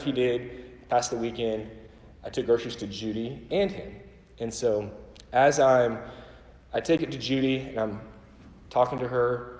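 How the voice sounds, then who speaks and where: A man's voice: medium pitch, darkish tone. Man, church talk, casual storytelling, self-deprecating, lots of fillers, roomy echoey hall. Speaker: church ministry worker. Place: church auditorium. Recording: echoey hall with long reverb.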